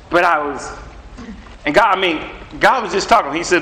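A middle-aged man preaching a sermon in a lively, conversational way, acting out back-and-forth dialogue. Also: on the high side, normal speed, pauses often, a little hiss or hum, low-quality recording. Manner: animated, conversational, acts out dialogue with God.

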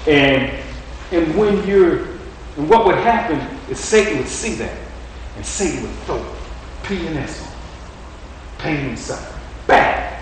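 A man's voice: fairly high pitch, lively intonation, unhurried, long pauses. Man preaching in a very echoey hall. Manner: folksy, repetitive, encouraging preaching. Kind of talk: sermon. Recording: very echoey room, distant mic, faint noise.

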